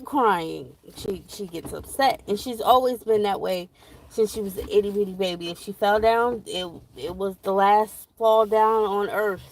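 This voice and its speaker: A young woman, telling a parenting story in a rambling, animated vlog with many fillers. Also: mid-range voice, unhurried, gravelly, a little hiss or hum, rough recording. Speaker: parent vlogger.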